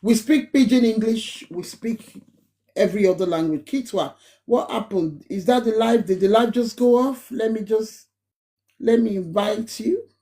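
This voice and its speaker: Nigerian lady on a phone live stream, talks slow and emphatic, says things twice. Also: a little high, dark tone. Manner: emphatic, repeats points. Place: home in Manchester.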